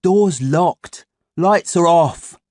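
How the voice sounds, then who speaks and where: A man voicing a blunt, unimpressed schoolboy who talks in a flat, dismissive way. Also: a little high, extremely slow, no echo, clean studio sound, pitched above the performer's own voice.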